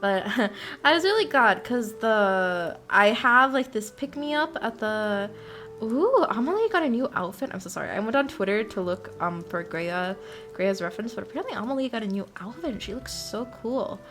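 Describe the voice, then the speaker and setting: A woman's voice: on the high side, animated, moderate pace, fairly bright tone, soft background music. A young woman streamer in casual chat, rambling and giggling often as she talks.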